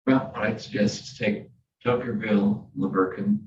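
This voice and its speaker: A man's voice: lowish voice, steady tone, normal speed, a little mellow, highs cut off, slight background noise. A man on a redistricting commission directing a mapping session, with dry sarcastic asides, recorded in a roomy meeting room from a distance. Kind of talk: working meeting discussion.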